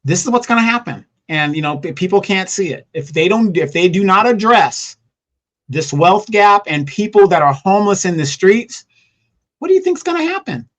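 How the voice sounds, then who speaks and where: High-voiced man lecturing earnestly. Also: expressive, normal speed, a bit bright. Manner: earnest, lecturing about history. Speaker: guest. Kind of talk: casual live discussion.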